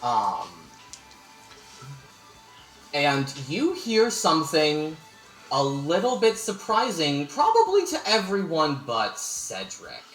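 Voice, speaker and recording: A man's voice: a little high, huge pitch swings, takes it slowly, long pauses, fairly bright tone, soft background music. A man narrating a tabletop game as game master, hesitating with frequent ums. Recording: echoey room.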